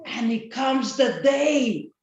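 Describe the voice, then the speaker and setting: A woman telling a children's story at church over a video call, animated and expressive, asking the children questions. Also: sits high, slow, echoey room, muffled recording.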